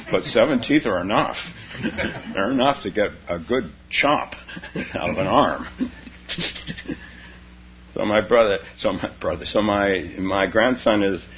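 A man's voice: lowish voice, animated, slow pace, long pauses. An older man, a Zen teacher, giving a dharma talk full of personal stories and frequent chuckles. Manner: chuckles often while telling stories. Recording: dull lo-fi recording with faint noise.

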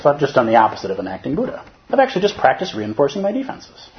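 A man's voice: medium pitch, huge pitch swings, very fast, dull audio. Conversational man giving a dharma talk. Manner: conversational, humorous, checks in with listeners. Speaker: Zen teacher.

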